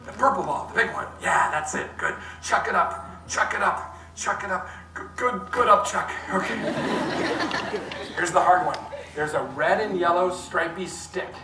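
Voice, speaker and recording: Joking male stage performer in an echoey hall. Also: high voice. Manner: playful, joking asides to the audience. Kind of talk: live comedy science show. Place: large hall before a live audience. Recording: echoey hall, mic from far off, crowd and noise.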